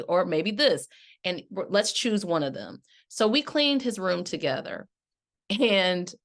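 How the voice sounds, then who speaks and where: Her voice sits on the low side with a fairly bright tone as this middle-aged woman, a life coach, chats casually on her podcast. She tells a story and coaches listeners, addressing them as "y'all."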